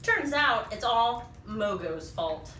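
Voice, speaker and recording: A woman reading a picture book aloud to young children, animated and full of sing-song questions, in a small echoey room. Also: fairly high pitch, takes it slowly, distant mic, slight background noise. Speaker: children's storyteller.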